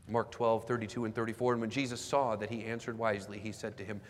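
A Canadian man in his forties preaching a sermon, swinging between loud emphasis and hushed near-whispers. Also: on the low side, steady tone, fast, few pauses. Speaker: pastor. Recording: long hall reverb, faint background noise.

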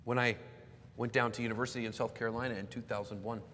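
A Canadian man in his forties preaching a sermon, swinging between loud emphasis and hushed near-whispers. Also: medium pitch, level tone, fast. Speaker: pastor. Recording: long hall reverb, faint background noise.

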